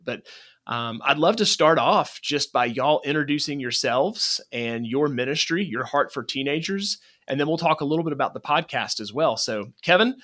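Upbeat podcast host man, bright voice. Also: mid-range voice. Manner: friendly, lightly joking. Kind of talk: podcast interview.

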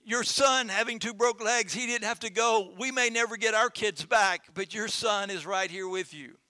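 Brief: preacher putting on loud, quick-to-judge villagers, high and emphatic. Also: male voice, no room sound. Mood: exclaiming. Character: excitable village neighbors, adult men and women.

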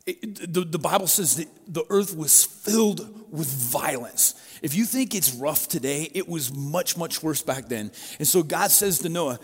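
A man's voice: a little high, animated, measured pace, few pauses, breathy edge. A middle-aged male pastor preaching a sermon in a conversational, storytelling way with personal asides. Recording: long reverb of a large hall.

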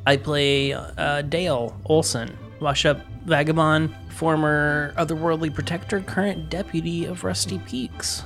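A man's voice: on the high side, steady tone, unhurried, few pauses, a bit bright, soft background music. A man opening and chatting on a tabletop game podcast, playful and teasing. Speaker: player. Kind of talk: casual tabletop podcast chat.

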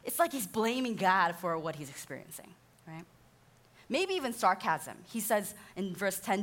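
A woman in her thirties giving a sermon-style teaching talk as a counselor, animated and acting out the voices she quotes, often laughing. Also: medium pitch, normal speed. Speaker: speaker, counselor.

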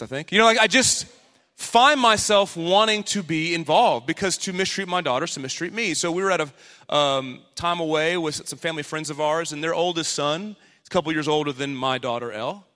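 A man in his thirties preaching a sermon as pastor, animated, acting out the voices he quotes. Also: a little high. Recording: long hall reverb.

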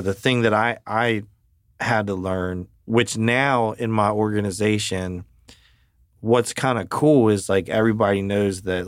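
A male podcast host with a lowish voice talks in a blunt, emphatic way, swearing freely as he tells stories about leading people. The sound is close and dry, with no room around it. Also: dry recording. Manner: blunt and profane, emphatic storytelling. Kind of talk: casual chat.

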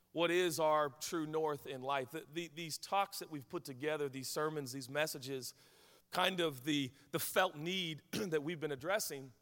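Pastor, man in his forties, preaching with candid, chatty stories; bright, slightly high voice carrying through a reverberant hall. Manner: candid, conversational storytelling. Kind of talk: sermon. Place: large hall with congregation.

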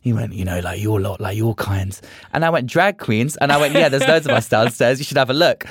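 Young guest, mid-pitched, animated raconteur voicing every line of dialogue, dry close sound. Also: male voice, fairly quick, husky, no echo. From England. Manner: animated, acts out quoted dialogue. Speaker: podcast guest, drag performer. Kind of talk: casual storytelling chat.

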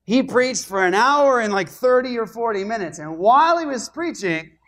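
A middle-aged male pastor telling his congregation a story in a sermon, animated and getting louder when excited. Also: very high-pitched, moderate pace.

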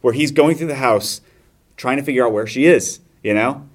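A man in casual podcast chat, retelling a movie with animated energy and quick acted-out voices. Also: medium pitch. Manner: animated storyteller acting out scenes in voices. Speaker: podcast host.

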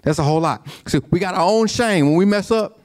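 A man's voice: high voice, fairly quick, a little mellow. A man preaching a sermon, conversational, with repeated restarts and call-and-response asides to the congregation. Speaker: pastor.

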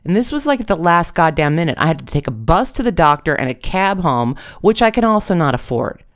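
A blunt, brash young woman, fed up and swearing, as a storyteller puts her on. The voice sits a little higher and louder, with a gravelly edge. It is spoken in a storytelling read-aloud style. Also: very animated, fairly quick. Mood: exasperated.

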